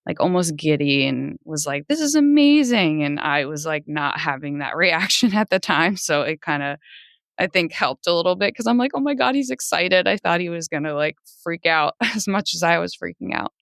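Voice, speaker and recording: A woman in her thirties, a podcast guest, telling a personal story in an animated way, laughing often and jumping high when she quotes people. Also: moderate pace, gravelly, no echo, clean studio sound.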